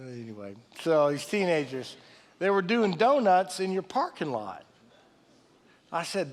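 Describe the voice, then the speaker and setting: A middle-aged man preaching a sermon with conversational storytelling, swinging from loud excited retelling to soft low tones. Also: moderate pace. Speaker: pastor. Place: church sanctuary. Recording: long reverb of a large hall.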